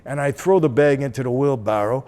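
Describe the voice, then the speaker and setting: Male host, casual storyteller, lively, acts out the dialogue, mid-pitched voice. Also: fairly quick. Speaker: channel host.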